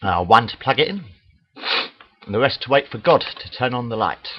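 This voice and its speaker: A man's voice: mid-range voice, lively intonation, normal speed, slightly rough. A man telling crude jokes in a rambling, casual monologue into a webcam, full of "uh" fillers. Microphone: webcam mic. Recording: dull lo-fi webcam audio.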